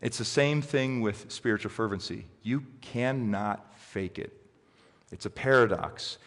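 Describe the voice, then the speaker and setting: A middle-aged male pastor delivers a sermon as an animated storyteller, his voice swinging up and down as he builds a point. His pitch sits in an ordinary middle range for a man. Long reverb from a large hall trails behind his words. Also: unhurried, slightly rough.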